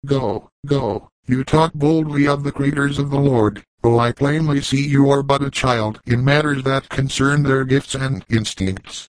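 A man's voice: medium pitch, unhurried, hardly any pauses, dry recording, close to an everyday voice, low-quality recording. A man reading the part of a weathered old backwoods trapper, plainspoken and chiding, in a dry audiobook recording. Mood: stern.

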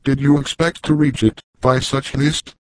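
A man's voice: mid-range voice, flat delivery, moderate pace, dry recording, close to an everyday voice, rough recording. A man reading the part of a weathered old backwoods trapper, plainspoken and chiding, in a dry audiobook recording. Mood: stern.

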